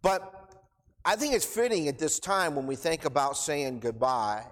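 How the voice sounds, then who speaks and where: A man's voice: fairly high pitch, animated, unhurried, fairly bright tone. A middle-aged man giving an informal, emotional sermon in church, choked up and rambling with restarts. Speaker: preacher. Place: church hall. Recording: long church reverb.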